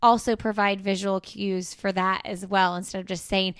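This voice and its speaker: A woman in her thirties hosting a podcast, chatting casually with plenty of fillers and getting animated when she vents. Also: medium pitch, moderate pace, clear, resonant tone, no echo, clean studio sound. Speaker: podcast host. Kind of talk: casual chat.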